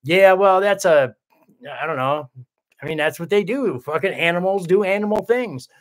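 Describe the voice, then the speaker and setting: Streamer type: a man with a slightly high voice, loose and profane, chats with his viewers and keeps restarting his thoughts. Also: expressive, moderate pace. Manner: rambling, profane, full of restarts; reads viewer comments aloud. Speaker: livestream host reading viewer chat. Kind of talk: casual livestream chat.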